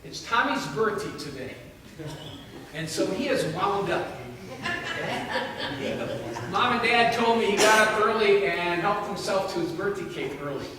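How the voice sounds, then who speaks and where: A man's voice: high-pitched, a little slow, long pauses, crowd noise. A man giving a children's message in church, telling a story in a playful way and asking the children questions. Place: church sanctuary. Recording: echoey church hall from a distance.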